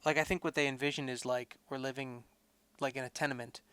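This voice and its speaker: Man chatting, clear smooth voice. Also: mid-range voice, fast talker, no echo. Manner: relaxed, rambling with many fillers. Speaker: podcast co-host. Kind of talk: casual chat.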